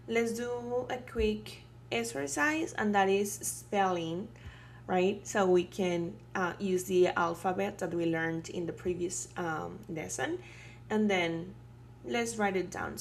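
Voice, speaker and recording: A woman teaching a beginner language lesson, patient and explanatory, checking in with "right?" and pausing on fillers. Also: mid-range voice, a little hiss or hum. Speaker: Spanish teacher.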